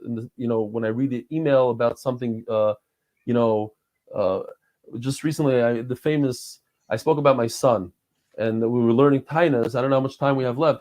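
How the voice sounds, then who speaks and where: A man's voice: mid-range voice, a little mellow. Man in his forties, rambling heartfelt talk. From New York and Israel. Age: 40s. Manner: rambling, heartfelt storytelling with frequent restarts. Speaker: guest. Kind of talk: casual conversation.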